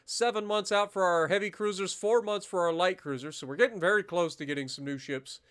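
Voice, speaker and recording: A man streaming a naval strategy game, commenting casually, swearing freely and bursting into loud disbelief at the battle results. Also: sits high, fairly quick, clear, resonant tone. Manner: muttering calmly while managing menus.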